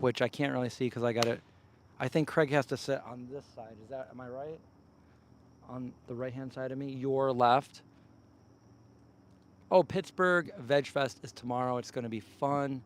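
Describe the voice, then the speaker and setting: Chatty man by a campfire. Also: medium pitch. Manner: loose and chatty, breaks off to call his dogs. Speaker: livestream host. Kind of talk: casual rambling livestream chat. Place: outdoors by a campfire. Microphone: handheld news-style mic held close.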